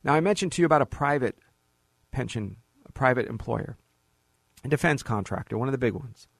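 A man's voice: mid-range voice, fairly quick, vocal fry, no echo, studio quality. A middle-aged man hosting a financial advice show, telling client stories and mocking bureaucrats in quoted asides. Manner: animated storyteller, mocking voices in quoted asides. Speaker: financial radio host. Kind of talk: conversational radio advice talk.

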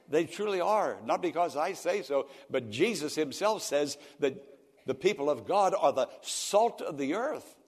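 A man's voice: lowish voice, creaky. An older male pastor preaching a radio sermon, telling folksy stories and rising to emphatic peaks. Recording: long reverb of a church hall.

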